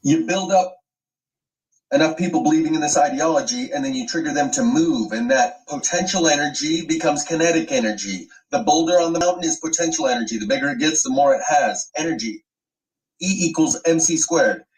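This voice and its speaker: A man's voice: fairly high pitch, fairly quick, recorded from a distance, rough recording. A man hosting an online commentary video, ranting with emphatic, profane sweeping claims.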